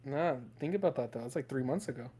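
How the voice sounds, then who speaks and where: A man's voice: medium pitch, lively intonation, fast, mellow, a little hiss or hum. A man running a tabletop game as game master, narrating loosely with fillers and laughter.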